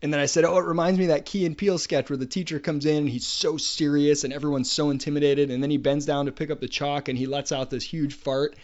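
A man's voice: fairly high pitch, level tone, fast talker, hardly any pauses, a little mellow. Storytelling man on a lo-fi podcast. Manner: anecdotal, storytelling, hesitant restarts. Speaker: podcast co-host. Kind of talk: casual podcast discussion. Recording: dull lo-fi podcast audio.

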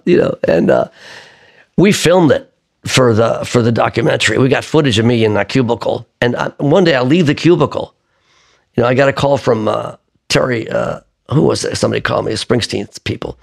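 Gravelly older man telling stories. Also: mid-range voice. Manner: lively raconteur who acts out quoted voices. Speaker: singer-songwriter guest. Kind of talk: conversational storytelling interview.

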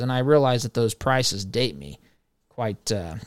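A man's voice: mid-range voice, lively intonation, unhurried, smooth, no echo, studio quality. A man hosting a talk show, giving opinionated political commentary in a conversational way and addressing listeners as his friends.

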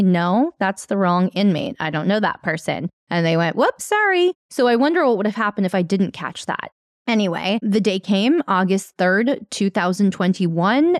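A woman's voice: medium pitch, dry recording, clean studio sound. A woman telling her own story in an earnest, emphatic and candid way, as a victim advocate. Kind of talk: personal testimony storytelling.

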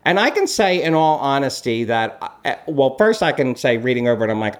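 Animated storytelling man co-host. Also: a little fast. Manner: animated storytelling, lively swings in pitch. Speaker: celebrity blogger and podcast co-host. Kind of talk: casual chat.

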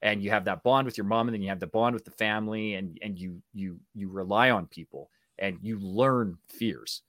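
A man with a Canadian accent, a guest telling stories in casual talk, animated and acting out voices as he goes. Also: fairly low pitch, normal speed, hardly any pauses, no echo, clean studio sound. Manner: animated, acts out voices in anecdotes. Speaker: guest, actor and speaking coach. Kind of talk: casual storytelling.

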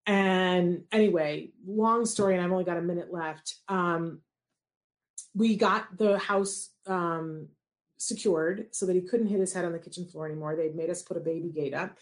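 Woman, parent, personal storytelling, animated, acts out dialogue. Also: on the low side, moderate pace. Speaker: parent telling her story.

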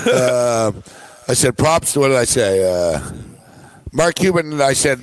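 Male sports show co-host, average pitch, animated, laughing storyteller. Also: takes it slowly, no echo, poor audio. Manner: excited play-by-play storytelling with laughs. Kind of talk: casual sports talk.

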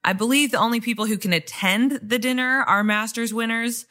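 A woman's voice: on the high side, fairly quick, bright, forceful tone. A woman from the American Midwest hosting a podcast in easygoing casual chat, laughing often. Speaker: podcast host.

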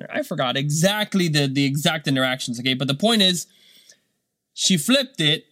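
His voice is medium-pitched, expressive, brisk and a bit bright, recorded at studio quality with no room sound. He's a man in his thirties who owns a business and has kids, chatting in a casual monologue full of fillers and rhetorical "right?"

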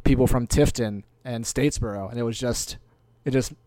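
A man from North Carolina tells stories in a loose, rambling way, hedging as he goes. His mid-pitched voice is recorded dry and close, with no room sound. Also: fairly quick, mellow, no echo. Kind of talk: casual chat.

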